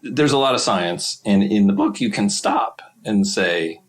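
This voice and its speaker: An American man from Wisconsin, a screenwriter and novelist being interviewed, telling stories in a halting way and laughing often. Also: on the low side, a little hiss or hum, rough recording. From Wisconsin, USA. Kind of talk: casual interview answers.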